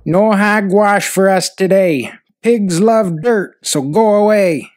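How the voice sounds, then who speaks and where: A man voicing a group of stubborn, mud-loving pigs in a read-aloud storybook, taunting in a slow, drawn-out way. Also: sits high, a little mellow, pitched above the performer's own voice. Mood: defiant.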